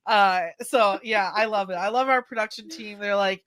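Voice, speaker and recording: A woman's voice: mid-range voice, moderate pace, a bit bright. A woman telling industry stories in a casual podcast chat, with many fillers and restarts. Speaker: guest co-host.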